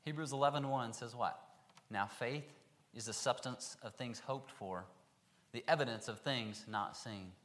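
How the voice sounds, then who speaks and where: A man preaching a sermon, reading scripture aloud and then acting out the characters in lively voices. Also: mid-range voice, measured pace.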